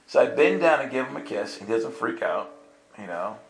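Preacher, male, gravelly, lively storyteller who acts out dialogue; roomy church sound with steady music underneath. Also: medium pitch, moderate pace. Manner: animated, acts out voices and laughs through the story. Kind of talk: storytelling sermon. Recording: echoey room with music underneath. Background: soft instrumental music.

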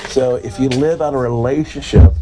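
A man's voice: moderate pace, crowd noise. A man preaching through a personal story, acting out both sides of the dialogue and filling gaps with "da, da, da". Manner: animated storyteller, acts out dialogue with big pitch jumps, fills with "da, da, da". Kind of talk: storytelling sermon.

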